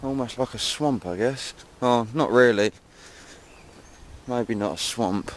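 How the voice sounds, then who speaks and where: A man from England narrates a casual walking vlog at a slow pace in a medium-pitched voice. Moving through dunes and woods, he's chatty and jokey with the camera, often self-mocking, and the outdoor recording is noisy.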